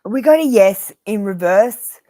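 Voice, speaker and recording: Australian woman, tarot reader, live stream, blunt and earnest, halting with ums, dry close sound. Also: medium pitch, lively intonation, dark tone, no room sound. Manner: blunt and earnest, addressing viewers by name; frequent ums and pauses.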